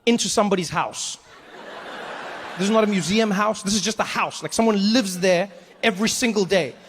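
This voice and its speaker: A man performing stand-up comedy, telling a story with lively acted-out quotes. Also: high-pitched, fairly quick, long reverb tail, slight background noise.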